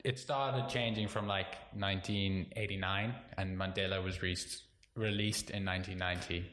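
A man's voice: sits low, steady tone, fairly bright tone. Rambling South African man in his twenties. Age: 20s. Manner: rambling, filler-heavy, quick to laugh. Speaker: comedian guest. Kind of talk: casual podcast chat. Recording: echoey room, faint background noise.

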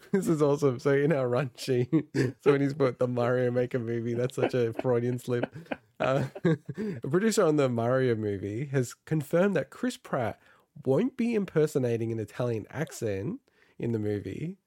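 A man's voice: mid-range voice, expressive, normal speed, dark tone, dry recording, clean studio sound. A man co-hosting a gaming news podcast, chatting casually, laughing often and interrupting himself. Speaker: podcast co-host reading the news.

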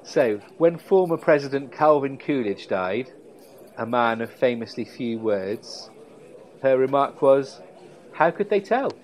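A man co-hosting a casual podcast chat, with a voice that sits in the middle register. He tells stories in an unhurried, relishing way. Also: mid-range voice, low-quality recording. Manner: relaxed storytelling, savoring quotes. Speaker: podcast co-host.

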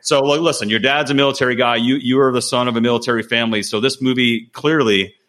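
Man, podcast host, conversational, leading questions, mid pitch. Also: steady tone, fast, fairly bright tone. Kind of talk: casual interview chat.

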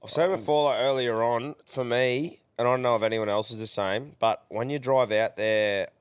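A man's voice: mid-range voice, steady tone, normal speed, clear, resonant tone, no room sound. A man, hosting a podcast and reflecting bluntly in casual chat, with some swearing. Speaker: podcast host.

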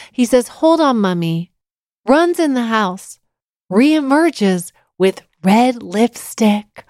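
A woman's voice: high voice, no echo, clean studio sound. A woman in her thirties hosting a podcast, telling stories in a chatty, self-deprecating way. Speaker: podcast host. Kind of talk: casual chat.

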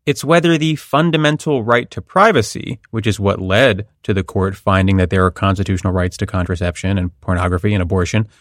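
A man's voice: on the low side, no echo, clean studio sound. Wry man explaining a court case. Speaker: podcast host. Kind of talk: legal analysis chat.

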